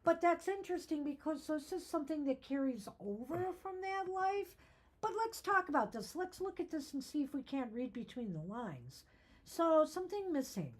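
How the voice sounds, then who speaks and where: A woman with a notably high voice gives a tarot reading, reading card meanings aloud and then musing on them in earnest, explanatory asides. Her voice is wearing thin and starting to go hoarse. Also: sing-song, normal speed. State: losing her voice. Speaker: tarot reader and co-host.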